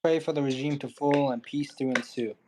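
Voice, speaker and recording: A man's voice: medium pitch, fairly even intonation, fairly quick, mellow, slight background noise. A man from Iran, a guest on a livestream, talking in a blunt, joking way with many fillers. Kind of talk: casual livestream chat.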